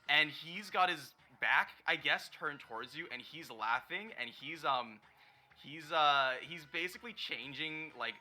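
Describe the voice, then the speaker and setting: Bright-voiced man narrating as game master. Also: a little high. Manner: rambling narration with many fillers. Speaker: dungeon master.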